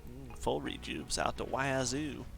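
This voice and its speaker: Bright-voiced male game streamer. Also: medium pitch, a little slow, creaky, faint music behind. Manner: relaxed, chuckles often, reads out viewer requests. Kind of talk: casual live-stream chat while gaming.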